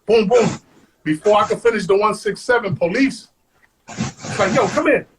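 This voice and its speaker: A man, a guest on an interview show, telling stories in an animated way, acting out quotes and saying "man" all the time. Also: high voice, normal speed, background noise. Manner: animated, acts out quotes, says "man" constantly. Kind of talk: storytelling.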